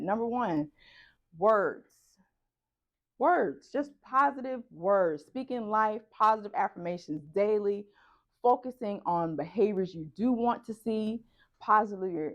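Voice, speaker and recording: A woman presenter sharing a personal story at a conference session, acting out the dialogue as she goes. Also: mid-range voice. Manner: animated storytelling, acts out dialogue.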